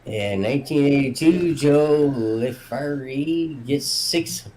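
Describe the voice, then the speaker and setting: A man co-hosting a history show, reading entries in a relaxed, offhand way. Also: medium pitch, slow, poor audio. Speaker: co-host. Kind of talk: casual history chat.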